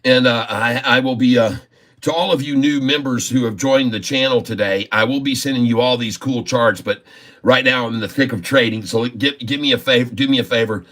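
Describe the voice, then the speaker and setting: A man's voice: medium pitch, brisk, fairly bright tone. A man giving live-stream trading commentary, effusive and folksy, often laughing as he talks. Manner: laughs often while talking.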